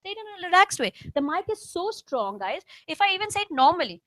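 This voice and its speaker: A woman with an Indian accent teaches an exam-prep class, talking fast and coaxing students to take a turn. Her voice sits very high, and the sound is dry and close. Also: lively intonation, fairly bright tone, dry recording. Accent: Indian English. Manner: instructive, coaxing students to try. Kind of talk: classroom coaching mixing English and Hindi.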